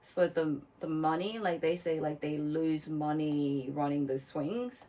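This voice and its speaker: A woman co-hosting a casual podcast chat, animated and fidgety, who swears and laughs as she talks. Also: deep voice, a little slow, recorded from a distance, rough recording. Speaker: podcast co-host.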